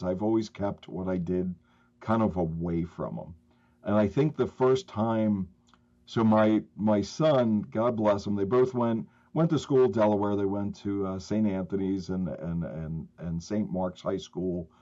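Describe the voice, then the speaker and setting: A man in his fifties, a trauma therapist, telling an emotional story in a conversation, animated and halting, with many restarts. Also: fairly low pitch. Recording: slightly dull lo-fi audio.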